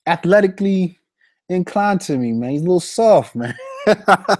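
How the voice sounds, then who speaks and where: A young man with a warm, mellow voice and a slangy, animated way of talking, chatting casually on a fantasy sports stream. His voice sits close and dry, with little room sound around it. He keeps giving shout-outs as he reads the chat. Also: high-pitched, normal speed, no echo.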